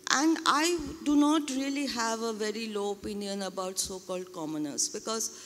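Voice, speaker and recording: A woman filmmaker talking hesitantly about her exhibition work, with many pauses, fillers and restarts. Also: fairly high pitch, a bit bright, slight background noise. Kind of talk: discussion at exhibition launch. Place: exhibition hall. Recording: long hall reverb.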